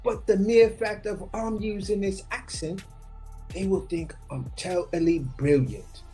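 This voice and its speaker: A man's voice: sits high, a little slow, dark tone, faint music behind, voice pushed up. A man putting on a smug mock-British bloke. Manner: exaggerated, mocking. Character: smug British man boasting of a posh accent.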